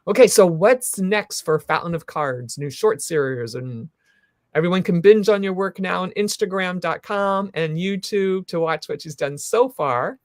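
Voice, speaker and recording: A woman hosting a live talk show, effusive and encouraging, rambling warmly through her questions and sign-off. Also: on the low side, expressive, measured pace, no echo, clean studio sound.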